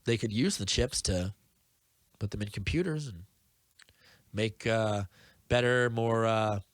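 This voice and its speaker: Cool, menacing rich man in his fifties, done by a man, low and hushed, dry recording. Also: a little slow, no room sound, lightly acted. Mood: calmly menacing.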